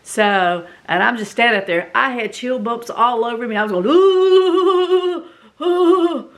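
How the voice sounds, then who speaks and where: A woman's voice: on the high side, a little fast. Southern woman telling a story with flair. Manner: animated, dramatic storytelling with many fillers. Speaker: vlog host. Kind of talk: casual storytelling.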